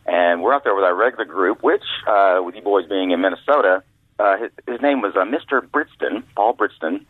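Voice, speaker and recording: Deep husky man storytelling on the phone. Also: brisk, no room sound. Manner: folksy anecdotes, acts out voices. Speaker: guest author, former caddy. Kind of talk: storytelling interview. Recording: dry tinny phone line.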